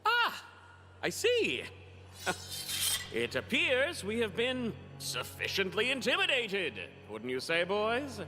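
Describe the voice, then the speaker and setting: Man voicing a lofty knight, high and swooping, slow, music and reverb behind. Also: wildly swooping pitch, bright, forceful tone, heavily acted. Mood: mocking. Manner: formal, lofty, condescending. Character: pompous noble knight, stiff and haughty.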